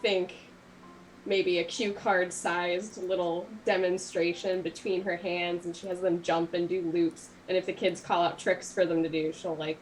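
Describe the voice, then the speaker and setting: A woman narrating as game master in a tabletop role-playing stream, describing scenes in a relaxed way with many filler likes. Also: on the low side, a little slow, slight background noise, low-quality recording.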